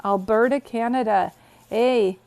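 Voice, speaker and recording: A woman's voice: a little high, measured pace, a little mellow. A woman hosting a casual phone livestream from her bed, greeting viewers and telling stories in a chatty way. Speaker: psychic medium livestream host. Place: bedroom, sitting on bed.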